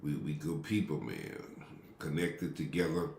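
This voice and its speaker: A man's voice: extremely low pitch, a little slow, creaky, a little mellow, a little hiss or hum. A man preaching a sermon to his congregation in a loose, conversational way, repeating phrases and calling out people by name. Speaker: pastor. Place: church sanctuary. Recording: echoey room.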